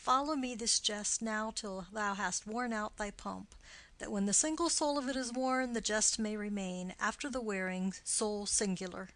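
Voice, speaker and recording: A woman's voice: mid-range voice, fairly bright tone, no echo, close to an everyday voice. A woman reading the part of a witty, mocking young nobleman in an audiobook of a play. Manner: quick, punning banter.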